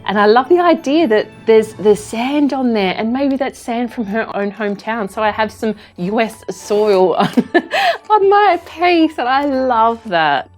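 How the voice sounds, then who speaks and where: A woman's voice: fairly high pitch, lively intonation, a little slow, soft background music. Gushing Australian woman crafter. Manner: gushing, effusive and warm-hearted. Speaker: craft artist and channel host. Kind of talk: casual craft vlog narration.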